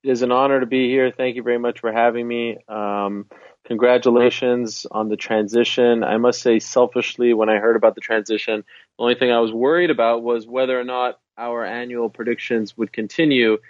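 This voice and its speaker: A man's voice: mid-range voice, flat delivery, fairly quick, dry recording, muffled recording. A man guesting on a podcast, chatting casually and emphatically about his own show. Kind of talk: casual interview chat.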